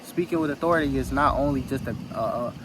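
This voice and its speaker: A man's voice: mid-range voice, quick pace, background noise. Earnest man preaching casually into a phone. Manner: earnest, rambling, repeats phrases for emphasis. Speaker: spiritual vlogger. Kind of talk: casual motivational talk.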